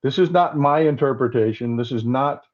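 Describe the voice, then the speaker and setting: A man's voice: medium pitch, moderate pace, muffled recording. A man with a Southern accent hosting a political commentary livestream, talking bluntly and restarting his sentences often. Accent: Southern American. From Southern United States. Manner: blunt, repeats himself with many restarts.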